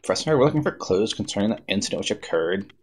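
A man's voice: lowish voice, lively intonation, fast, husky. A man voicing a determined young female police officer, asking questions earnestly.

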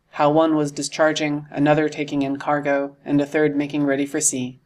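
A man reading a classic adventure novel aloud in a steady storytelling manner. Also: on the high side. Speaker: audiobook narrator. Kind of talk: scripted narration.

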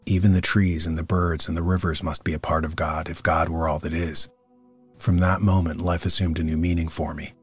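Guy reading a calm gentle saint in an audiobook, deep flat voice, slow and reverent. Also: breathy edge. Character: serene gentle male saint, beardless, young-eyed.

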